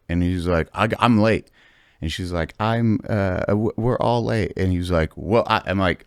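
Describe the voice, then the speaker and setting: A man in his thirties hosting a podcast, telling stories in casual chat with lots of swearing and loud acted-out quotes. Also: deep voice, moderate pace, clear, resonant tone, no echo, studio quality. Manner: animated storytelling, heavy swearing, acts out quotes loudly. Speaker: podcast host.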